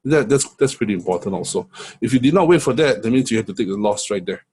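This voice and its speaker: This forex coach, a middle-aged man, talks quickly through trading charts in a casual screen-share session. His fairly low, darkish voice has lively intonation, and he leans on fillers and repeated "right?" check-ins. The audio is poor, with slight background noise.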